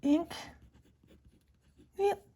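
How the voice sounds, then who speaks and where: A woman's voice: drawn-out words, mellow. A woman vlogger chatting about her fountain pens, rambling with many fillers and self-corrections, often dropping to a whisper. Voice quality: breathy, frequently whispering. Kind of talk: casual show-and-tell, often whispered.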